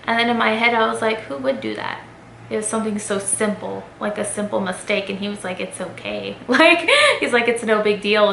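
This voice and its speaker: In an echoey room with faint background noise, a young adult woman vlogger tells her viewers a personal story. Her mid-range voice has a sharp tone, and she speaks candidly and conversationally with plenty of fillers.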